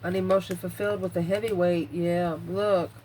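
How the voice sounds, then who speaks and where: A woman's voice: on the low side, steady tone, moderate pace, dark tone, a little hiss or hum, poor audio. A woman giving a casual tarot reading, blunt and swearing freely, out of breath as she muses over the cards. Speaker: tarot reader.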